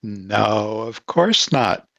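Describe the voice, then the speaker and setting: A man's voice: fairly low pitch, expressive, vocal fry, crowd noise. A man playing in a tabletop role-playing game, who bluntly sets the facts straight. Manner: blunt, quick to correct. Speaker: player. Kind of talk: casual tabletop game chat.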